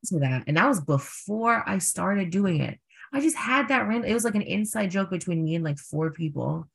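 A young man, a drag performer, telling stories in a casual interview, full of fillers and animated quoted voices. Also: high voice, normal speed, vocal fry, slightly rough.

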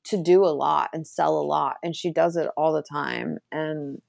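A woman's voice: low-pitched, steady tone, normal speed, gravelly, darkish tone, dry recording, clean studio sound. An American woman, an actor, chatting casually as a podcast guest, rambling with many fillers. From United States. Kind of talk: casual chat.

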